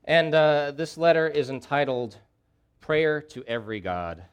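A man's voice: fairly high pitch, animated, unhurried, clean tone. A man preaching a sermon, delivering impassioned pleas and repeating key phrases for emphasis. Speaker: pastor.

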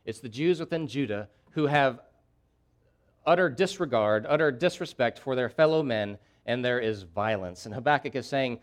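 A male pastor preaching with rising intensity, repeating phrases to hammer home each point. His voice sits at an ordinary middle pitch for a man. He swings between urgent, pleading outbursts and quieter, reflective stretches. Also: moderate pace. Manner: impassioned preaching with emphatic repetition, voicing a prophet's pleas. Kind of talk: sermon.

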